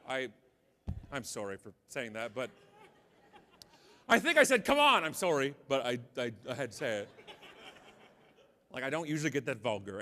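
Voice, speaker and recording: A Canadian man giving a comedic keynote talk, telling a story with animated, mock-angry outbursts in a large conference hall. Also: mid-range voice, a little hiss or hum. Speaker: keynote speaker.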